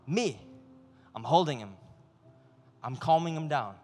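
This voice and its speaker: Brief: male youth pastor, lively sermon, high voice, long hall reverb. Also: a little slow, soft background music. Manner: animated, acts out voices of God and people.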